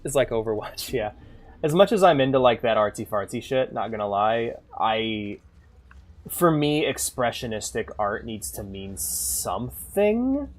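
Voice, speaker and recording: A man's voice: medium pitch, very animated, unhurried. Rambling, foul-mouthed man streaming a game. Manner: rambling, swears freely, thinks aloud. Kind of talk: casual gameplay commentary.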